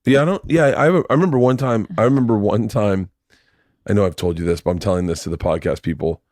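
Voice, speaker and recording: A middle-aged man telling stories in a casual podcast chat, animated and swearing freely, acting out the voices of people in his anecdotes. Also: lowish voice, fast, no echo, clean studio sound. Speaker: podcast guest, comedian.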